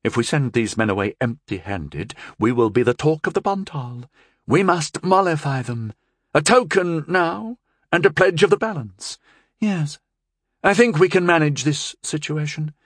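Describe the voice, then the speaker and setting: A man's voice: fairly high pitch, lively intonation, unhurried, no room sound, clean studio sound, pitched above the performer's own voice. A man voicing a furious, scheming middle-aged noblewoman who shrieks and scolds, in an audiobook reading. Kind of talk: audiobook character voice.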